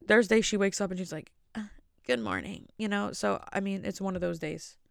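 Gravelly-voiced woman hosting a rambling podcast. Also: mid-range voice, steady tone, fairly quick, no room sound, clean studio sound. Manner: rambling, self-mocking jokes. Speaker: podcast host. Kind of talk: casual solo podcast chat. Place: at home with family asleep.

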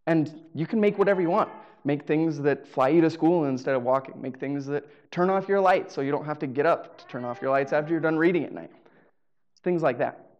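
A man's voice: on the high side, a little fast, lo-fi sound. A man telling a personal story on stage in a casual, humorous way. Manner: casual, humorous, acts out dialogue. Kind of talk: live storytelling. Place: live show venue.

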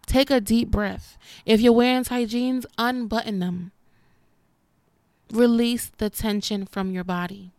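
A woman's voice: on the high side, fairly even intonation, unhurried, darkish tone, no room sound. A woman in her twenties talking straight to her viewers, candid and sassy, calling them honey. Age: 20s. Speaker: vlogger. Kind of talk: casual talk to camera.

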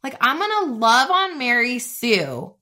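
A bubbly woman in her thirties hosts a faith-based motivational podcast. Her voice is bright and forceful and sits a little high, and she talks in a chatty, upbeat way peppered with "like.". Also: sing-song, a little slow. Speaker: podcast host.

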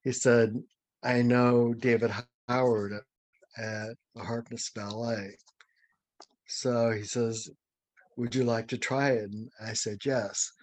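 An older man from St. Louis, a dancer being interviewed, telling a story with lively, acted-out quotes and chuckles. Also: medium pitch, slow pace, dry recording. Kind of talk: anecdotal storytelling.

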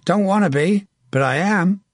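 A man's voice: high-pitched, moderate pace, dry recording, studio quality, pitched above the performer's own voice. A man voicing a nervous young male archer, frightened and anxious before a battle, in an audiobook.

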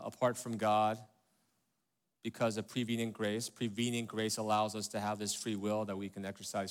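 A male pastor delivers a sermon in a mid-range voice, speaking conversationally and posing rhetorical questions. He frequently checks in with his listeners by asking "right?" and "okay?"

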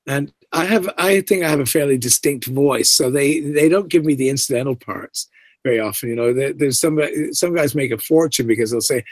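A man, an actor being interviewed, telling stories in a lively way, acting out the lines he quotes, with lots of "you know" along the way. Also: a little high, a little fast, dry recording. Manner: animated, acts out quoted lines, many fillers. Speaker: voice and screen actor, guest. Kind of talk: casual interview storytelling.

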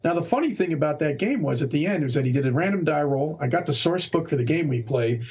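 A man's voice: on the high side, animated, fast talker, a little mellow, husky. A man who is a guest game master, chatting casually on a podcast and telling rambling anecdotes. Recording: dull lo-fi remote audio.

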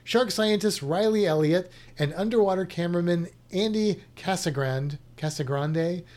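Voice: medium pitch, moderate pace, darkish tone. A science educator chatting casually, thinking aloud with restarts and a skeptical tone. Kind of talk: casual chat reacting to a show lineup.

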